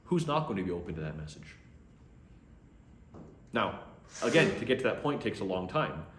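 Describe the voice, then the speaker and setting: A man's voice: fairly low pitch, big pitch swings, normal speed, fairly bright tone, a little hiss or hum. A man, a priest, teaching a class in a conversational way and acting out sample conversations. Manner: conversational, acts out sample dialogue. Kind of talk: lecture to a class. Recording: echoey room.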